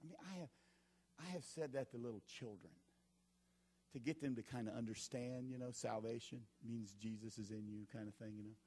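A man's voice: mid-range voice, a little fast, dark tone. A man preaching a sermon as pastor, telling folksy stories and repeating his warnings with emphasis.

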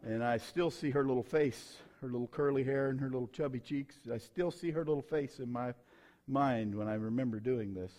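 A middle-aged man, preaching his own testimony in a folksy, emphatic way with sudden loud bursts. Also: mid-range voice, fairly quick. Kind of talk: sermon testimony.

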